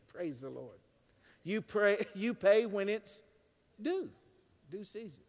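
A man preaching a sermon as pastor, swinging between hushed and loud lines with joking asides. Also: high-pitched, sing-song, slow pace, pauses often. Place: church sanctuary. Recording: long reverb of a large church.

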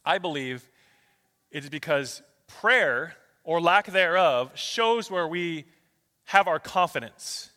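A man preaching in a large church sanctuary, his tone bright and forceful, his voice sitting a little higher than most men's. It carries with a long hall reverb around it. He swings between loud, rushing passages and hushed, slow ones, reading scripture verses one after another. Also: expressive. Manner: reads a long string of scripture verses in quick succession. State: out of breath. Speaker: pastor. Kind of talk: sermon.

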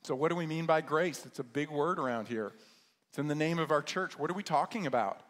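A man with a fairly high voice preaching a sermon, leaning on repetition and rhetorical questions. His words echo through a large hall with a long reverb tail. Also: brisk, a bit bright. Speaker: pastor.

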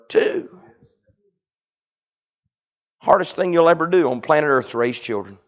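Male pastor, forties, passionate sermon, loud-to-hushed swings, dull lo-fi sound. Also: fairly high pitch, animated, a little slow, long pauses. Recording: dull lo-fi recording.

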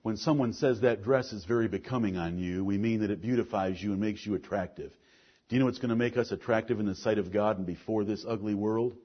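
Husky-voiced preacher in a dull recording. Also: male voice, fast talker. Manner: preaching with rising emphasis, then dropping to a low, quiet delivery. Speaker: pastor. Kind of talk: sermon.

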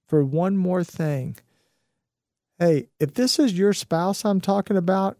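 A man's voice: sits high, dark tone, no room sound, clean studio sound. A middle-aged man hosting a motivational talk, upbeat and encouraging, rambling with lots of fillers. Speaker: host.

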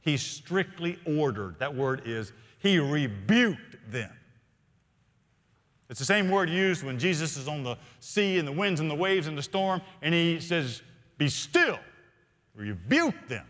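A male senior pastor preaching a sermon in a church, earnest, often slowing and dropping to quiet emphasis. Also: a little high, expressive. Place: church sanctuary. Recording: long reverb of a large hall.

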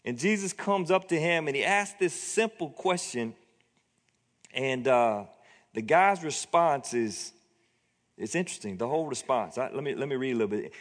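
A man's voice: mid-range voice, lively intonation, normal speed. A man preaching a sermon in a conversational, joking storytelling manner. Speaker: pastor. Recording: long hall reverb.

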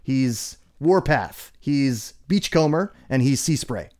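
A man's voice: mid-range voice, expressive, takes it slowly, darkish tone. A man co-hosting a podcast, chatting casually and enthusiastically explaining fan trivia. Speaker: podcast co-host. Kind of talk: casual chat.

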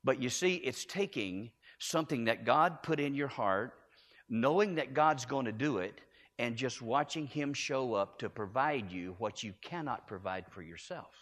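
This man's voice is mid-range, expressive, a bit bright, and a little slow. He's preaching a storytelling sermon in a church sanctuary, earnestly and emphatically repeating key phrases, and the echoey hall gives a long reverb.

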